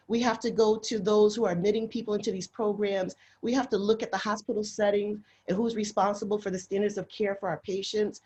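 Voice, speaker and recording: A woman's voice: medium pitch, darkish tone. A woman speaking with passion on a webinar panel, often repeating herself. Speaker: nurse panelist. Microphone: video call.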